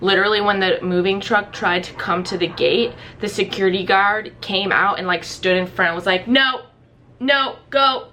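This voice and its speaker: Bright-voiced young woman telling a story. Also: medium pitch, normal speed, few pauses, slight background noise. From Ohio, USA. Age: young adult. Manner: animated storytelling, acts out quoted voices. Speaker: vlogger. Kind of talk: storytime vlog.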